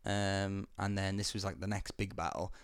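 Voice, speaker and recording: A man's voice: sits low, little pitch movement, moderate pace, smooth, no echo, clean studio sound. A young man co-hosting a podcast in a rambling, laid-back way, with lots of ums and casual swearing. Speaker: podcast co-host. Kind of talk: casual chat.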